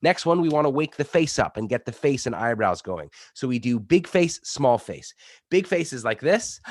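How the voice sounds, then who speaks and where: Energetic male public speaking coach. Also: mid-range voice, moderate pace, no echo, clean studio sound. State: sick. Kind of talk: online workshop instruction. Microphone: studio microphone.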